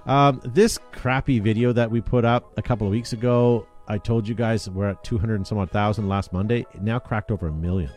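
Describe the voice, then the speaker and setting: A man's voice: lowish voice, fairly even intonation, fairly quick, few pauses, darkish tone, faint music behind. A man hosting a casual chat show, talking in an upbeat, rambling way with plenty of fillers. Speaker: podcast host.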